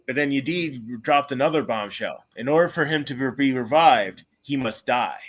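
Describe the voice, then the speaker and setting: A man hosting a podcast, casually retelling a story in a rambling way, correcting himself often and breaking into bursts of excitement. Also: mid-range voice, moderate pace. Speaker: podcast host.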